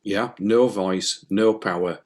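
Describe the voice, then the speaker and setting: A man's voice: fairly low pitch, fairly even intonation, slow pace. A man co-hosting a casual spiritual chat, jokey and rambling, with many fillers and restarts. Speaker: medium and podcast co-host.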